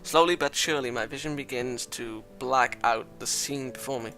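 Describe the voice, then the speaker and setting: Man, visual novel read-aloud, punchy bright tone, loud exclamations, faint game music behind. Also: mid-range voice, normal speed, hardly any pauses. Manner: dramatic reading broken by loud exclamations and swearing. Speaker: visual novel let's-play reader. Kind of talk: reading a visual novel aloud with joking asides.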